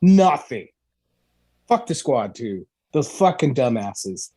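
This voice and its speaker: A man in a middle pitch for a man, co-hosting a podcast and swearing heavily through a comedic rant. He sounds worked up and indignant. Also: very animated, slow, mellow, slightly rough. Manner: ranting with heavy swearing. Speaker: podcast co-host.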